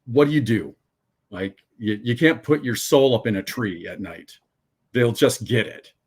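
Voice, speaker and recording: A man co-hosting a livestream, telling an absurd anecdote with halting, deadpan delivery. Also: medium pitch, breathy edge. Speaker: stream co-host.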